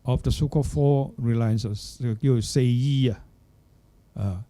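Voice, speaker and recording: In a Buddhist centre hall, an older monk gives a dharma talk at an unhurried pace. He pauses to find his words and checks in with his listeners, speaking in a warm, medium-pitched voice.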